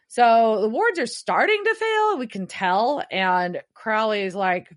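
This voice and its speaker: Animated woman co-hosting a casual chat. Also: mid-range voice. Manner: acts out characters' lines in quick, animated quotes. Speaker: podcast co-host. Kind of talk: casual chat recapping a TV episode.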